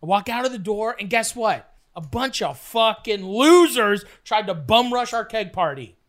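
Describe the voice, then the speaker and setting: A man's voice: high-pitched, lively intonation, moderate pace. A man from Canada telling a rambling, profane story in a casual podcast chat, acting out other people's voices. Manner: rambling, profane, acts out voices with loud yelps.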